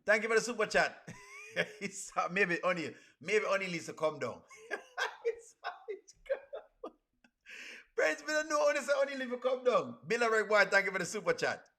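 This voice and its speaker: A man chats on a livestream, bright and forceful in tone. His voice sits a little high, and he is playful and laughs easily while reading out chat messages. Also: sing-song, moderate pace. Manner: playful, laughs often, reads chat aloud. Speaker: reaction streamer.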